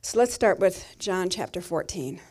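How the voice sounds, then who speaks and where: Middle-aged lady pastor preaching, soft and emotional, kinda low voice. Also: animated, moderate pace. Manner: tender, personal storytelling, soft and emotional. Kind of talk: sermon.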